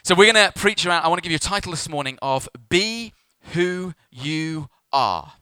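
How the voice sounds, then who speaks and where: Bright, clear-voiced pastor preaching. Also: male voice, a little high, normal speed, dry recording. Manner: storytelling, self-mocking humour, animated. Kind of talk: sermon. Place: church.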